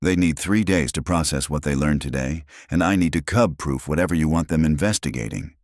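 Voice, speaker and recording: A man voicing Amelia, a calm, practical woman engineer who mothers alien cubs, in a dry, matter-of-fact way. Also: extremely low pitch, a little fast, no echo.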